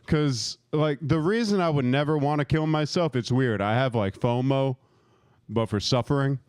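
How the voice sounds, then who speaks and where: A man's voice: mid-range voice, normal speed, darkish tone, clear, resonant tone, dry recording. A man in his thirties doing a profane, rambling stand-up set, laughing at his own jokes and working the crowd. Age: 30s. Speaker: stand-up comic.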